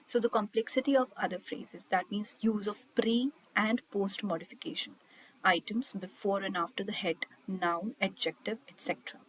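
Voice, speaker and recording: A woman teaches an online exam-prep lesson in an airy, breathy voice at a middling pitch. She reads bullet points off a slide and explains each one, filling gaps with "okay" and "uh". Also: fairly even intonation, normal speed, poor audio. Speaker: IELTS teacher. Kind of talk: online class lecture.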